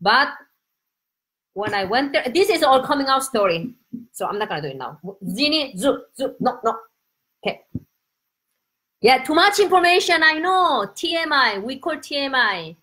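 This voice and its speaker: A middle-aged woman with a Korean accent, a native Korean speaker, chats excitedly on a casual live stream from home. Her voice sits high and leaps up and down with lively energy. She calls out to viewers by name as she talks. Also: moderate pace, long pauses, rough recording.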